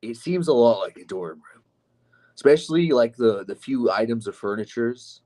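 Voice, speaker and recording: A man's voice: medium pitch, expressive, normal speed, warm tone. A man streaming live, reading chat comments aloud and answering them with sardonic, profane mockery. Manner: sardonic, mocking, profane asides.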